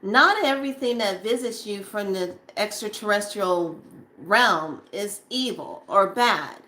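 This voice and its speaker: A woman speaking casually to camera about staying on a spiritual path, animated and acting out her own past reactions. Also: mid-range voice, unhurried.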